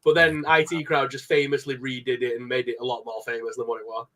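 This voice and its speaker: A man's voice: medium pitch, level tone, fast talker, a bit bright. A man co-hosting a casual podcast, telling stories and breaking into laughter. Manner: storytelling, bursts of laughter. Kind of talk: casual chat.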